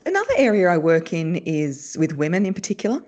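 A woman's voice: lowish voice, big pitch swings, fairly quick, a little mellow. A woman, a voice coach explaining her work as an interview guest, laughing often. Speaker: voice and speech coach.

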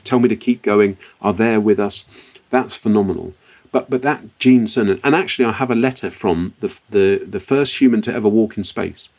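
Brief: middle-aged British man, low voice, reflective guest storyteller who restarts his sentences. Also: a little mellow. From Britain. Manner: reflective, frequent restarts and repeated words. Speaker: guest, company founder. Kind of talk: podcast interview storytelling.

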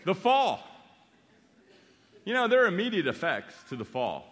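A pastor preaching a sermon in an animated, emphatic way, repeating phrases for effect. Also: male voice, sits high, moderate pace. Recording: long reverb of a large hall.

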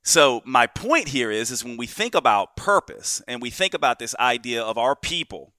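A man with a bright, forceful voice hosts a solo podcast, walking listeners through a homely anecdote. He keeps tossing in "right?" as he talks, and the sound is dry and close, with no room around it. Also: mid-range voice, very animated, normal speed, dry recording. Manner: explains with vivid everyday anecdotes, often asking "right?". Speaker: podcast host.

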